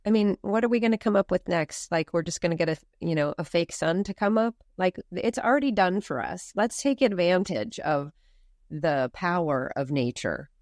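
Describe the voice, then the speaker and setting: A woman from the United States speaking as a podcast guest, animated and emphatic, with many rhetorical questions. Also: on the low side, moderate pace, dry recording, studio quality. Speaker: farm movement founder, guest. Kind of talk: podcast interview.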